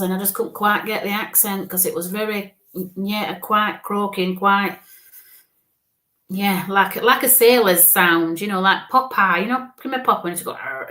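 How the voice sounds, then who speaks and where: A woman giving a live psychic reading in a gentle, reassuring way, often checking in with "okay?". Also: medium pitch. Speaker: psychic medium.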